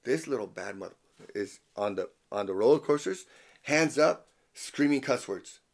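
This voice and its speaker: A man hosting a podcast, telling a story in a casual, animated way, swearing often and dropping in Spanish phrases. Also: mid-range voice, normal speed, gravelly. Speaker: podcast host.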